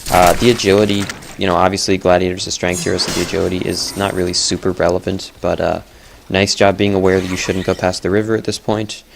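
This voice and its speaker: A man's voice: low voice, level tone, quick pace, creaky, background noise. A young man giving casual, chatty commentary on a game replay, blunt and often correcting himself.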